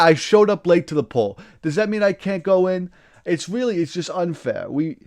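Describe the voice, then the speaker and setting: A man hosting a livestream, delivering a satirical in-character political rant. He rambles, keeps cutting himself off, and flares into loud indignation. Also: fairly high pitch. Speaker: livestream host.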